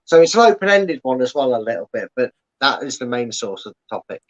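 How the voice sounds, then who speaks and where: A man's voice: mid-range voice, big pitch swings, brisk. Chatty man on dull lo-fi audio. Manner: chatty, filler-heavy, explanatory. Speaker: podcast host guest. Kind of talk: casual chat.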